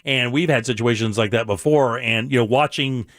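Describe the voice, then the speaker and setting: A man's voice: mid-range voice, normal speed, a bit bright, dry recording, clean studio sound. A man hosting a talk show, telling stories animatedly and acting out quoted voices. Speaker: radio talk show host. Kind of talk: casual talk show chat.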